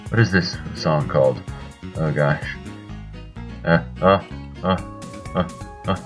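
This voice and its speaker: A man's voice: deep voice, slow, faint music behind, low-quality recording. A man casually commenting as he plays a video game, chatty and self-mocking, with lots of uh and okay. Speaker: let's play host.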